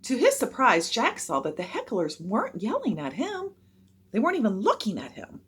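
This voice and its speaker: A woman reading a children's chapter book aloud with expressive narration. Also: fairly high pitch, moderate pace, background noise.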